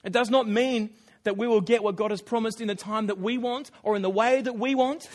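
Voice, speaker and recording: In a high-pitched voice, a man preaches a sermon, telling the story with lively, acted-out asides and correcting himself quickly along the way.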